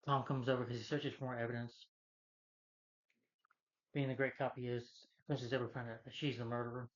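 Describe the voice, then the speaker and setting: A man's voice: medium pitch, flat delivery, a little fast, dull audio. A man giving a rambling, casual film review and plot recap, full of fillers and restarts. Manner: rambling, filler-heavy retelling with many restarts. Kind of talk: casual movie recap rant.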